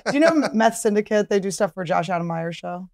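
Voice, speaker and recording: A woman's voice: mid-range voice, animated, a little fast, gravelly, a little mellow, no echo, studio quality. A woman comedian hosting her podcast, chatty and self-mocking, laughing often and swearing freely. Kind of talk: casual podcast chat.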